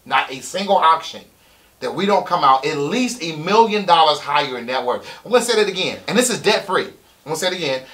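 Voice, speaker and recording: A middle-aged man, coaching on a live stream, excitable, repeating key points for emphasis. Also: on the high side, fairly quick. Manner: breaks into loud shouting impressions. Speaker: real estate coach. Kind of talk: live-stream sales pitch.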